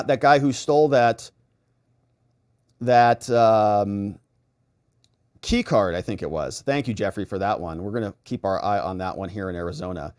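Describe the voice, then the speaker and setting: Brief: middle-aged male stream host, very expressive pitch, chatty and animated, reads viewer comments. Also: no echo, clean studio sound. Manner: animated, chatty, acts out little exchanges. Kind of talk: casual live-stream chat, reading viewer comments.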